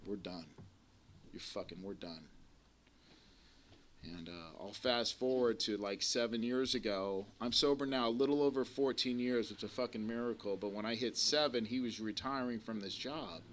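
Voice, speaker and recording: A man's voice: mid-range voice, normal speed, few pauses, fairly bright tone. Guy in his 40s sharing at a recovery meeting, blunt and cussing, rambles on, faint noise in the back. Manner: blunt, profane, rambling storyteller. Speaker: AA meeting speaker. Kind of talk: personal recovery share to a live audience. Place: community center meeting room. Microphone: live recording of a talk to an audience.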